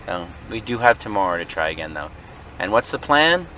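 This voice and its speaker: Male reseller vlogger, animated and jokey, car cabin with faint road hum. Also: fairly low pitch, fairly quick. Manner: joking, laughs often, mimics friends in silly voices. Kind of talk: casual car vlog chat.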